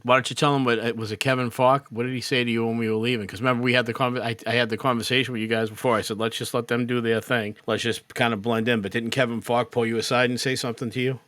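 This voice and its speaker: A man who is a guest on a podcast, chatting casually and telling stories in an animated way. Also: medium pitch, quick pace, hardly any pauses, no echo, studio quality. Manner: animated storyteller. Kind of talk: casual chat.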